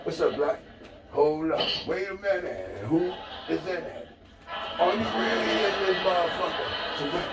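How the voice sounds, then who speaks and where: A man's voice: high voice, moderate pace. A man doing a profane, preachy rant into the camera, hammering the same phrases over and over. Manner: repetitive, emphatic, preachy. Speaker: vlogger. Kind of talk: profane street-talk rant.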